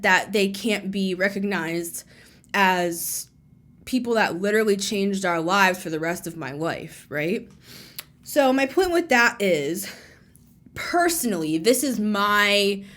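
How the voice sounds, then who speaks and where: A woman's voice: mid-range voice, fairly bright tone. A young woman hosting a tarot channel, talking casually and rambling, correcting herself and laughing between thoughts. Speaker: tarot reader and channel host. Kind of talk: casual spiritual talk to camera.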